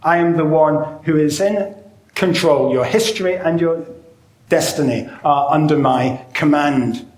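Echoey male preacher, slightly high voice. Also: a little mellow. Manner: measured, with frequent "uh" fillers and slowed emphatic phrases. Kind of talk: sermon.

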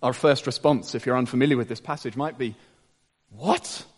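A man preaching a sermon, dropping to hushed low tones and rising to emphatic peaks. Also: normal speed, breathy edge. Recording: long reverb of a large hall.

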